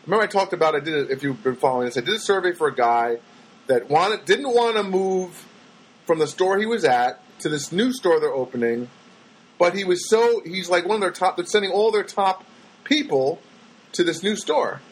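A man's voice: high-pitched, moderate pace, a little hiss or hum, low-quality recording. A man telling rambling everyday stories in a casual monologue, acting out the voices of people he met. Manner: rambling, animated, acts out voices of people he quotes.

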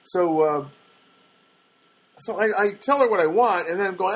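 Husky and sitting high, this older man's voice moves at normal speed as he hosts a casual podcast on his own. His everyday stories wander, full of wry comments and repeated self-corrections.

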